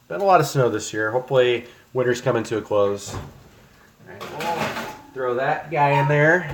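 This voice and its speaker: A young man chatting casually to viewers while cooking in his home kitchen on a livestream, rambling with plenty of ums. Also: medium pitch. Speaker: streamer.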